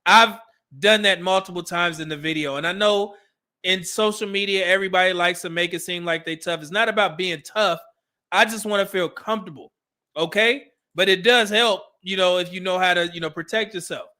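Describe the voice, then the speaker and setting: A man's voice: sits high, brisk, bright, forceful tone. A middle-aged man from California, hosting a casual commentary stream and giving blunt, profane advice. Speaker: host.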